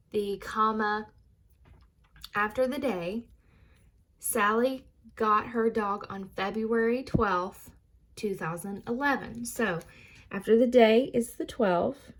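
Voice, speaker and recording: A young woman teacher giving a recorded reading lesson to young students, slowly and clearly sounding out words and walking through worksheet answers. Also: mid-range voice.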